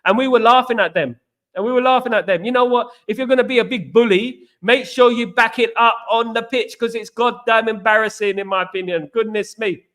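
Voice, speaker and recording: Animated man, bright voice. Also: very high-pitched, fairly quick. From East London, England. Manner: animated, repetitive, chatty storyteller. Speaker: fan channel host. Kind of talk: live-stream fan chat reading comments.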